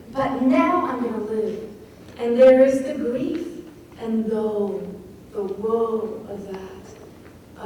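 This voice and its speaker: Captured from a distance in a very echoey lecture hall with slight background noise, a woman analyzes a poem in a craft lecture. Her voice is a little high with a dark tone, and she reads lines aloud emphatically and reflectively.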